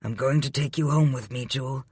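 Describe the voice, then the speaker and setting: Male reader as a calm, commanding wealthy man. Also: mid-range voice, slightly rough, no echo, clean studio sound, natural voice. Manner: measured and patient.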